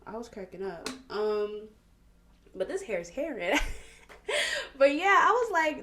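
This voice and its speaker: A young woman hosting a casual get-ready-with-me podcast, speaking in a relaxed Black at a mid pitch. She tells stories with bursts of laughter and drawn-out exclamations, then drops into quieter asides while she works on her makeup. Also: echoey room. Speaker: podcast host. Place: at home, doing makeup.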